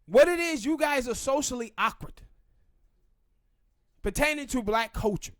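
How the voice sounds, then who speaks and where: High-voiced Southern man ranting. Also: expressive, no echo, studio quality. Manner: emphatic, ranting, drawn-out pauses. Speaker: podcast host. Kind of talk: opinionated casual commentary.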